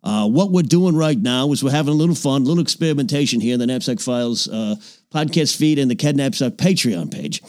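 A man's voice: brisk, a little mellow, no echo, clean studio sound, natural voice. A man playing a rambling old Hollywood producer. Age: older. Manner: rambling, name-dropping, drops into low confidential mutters. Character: aging boastful old-Hollywood male film producer, rambling name-dropper. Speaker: podcast host in character. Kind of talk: improvised character comedy podcast. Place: small home recording nook.

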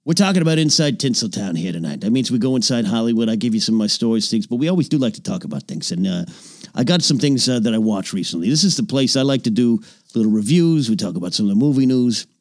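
A man's voice: animated, quick pace, darkish tone, no echo, studio quality, close to an everyday voice. A man playing a rambling old Hollywood producer. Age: older. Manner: rambling, name-dropping, drops into low confidential mutters. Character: aging boastful old-Hollywood male film producer, rambling name-dropper. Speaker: podcast host in character. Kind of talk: improvised character comedy podcast. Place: small home recording nook.

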